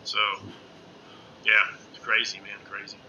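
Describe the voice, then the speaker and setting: A middle-aged man chatting casually on a live stream from home, rambling excitedly and calling everyone "man" with lots of uh's. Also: medium pitch, moderate pace, muffled recording, a little hiss or hum. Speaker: ghost-hunting live streamer. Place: indoors at home under a lamp.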